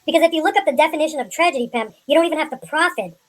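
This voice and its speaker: Woman panelist, high and quick, argumentative, casual. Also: expressive. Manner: argumentative, questioning. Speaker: livestream panelist. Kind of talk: casual live panel chat.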